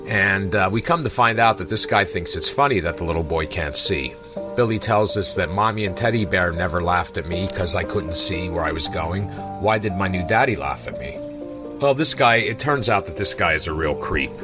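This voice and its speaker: A man's voice: deep voice, poor audio. A man casually retelling a sad comic story panel by panel, in an informal way with many fillers.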